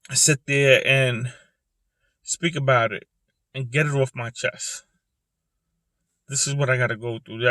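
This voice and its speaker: A man sitting in a parked car, talking earnestly and repetitively about his own depression, with halting pauses. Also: medium pitch, a bit bright, no room sound. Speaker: vlogger speaking about depression. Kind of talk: personal confessional monologue.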